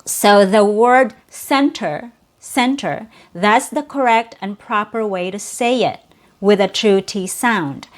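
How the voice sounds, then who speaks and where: A woman teaching an English pronunciation lesson, saying each example word slowly and repeating it. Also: mid-range voice.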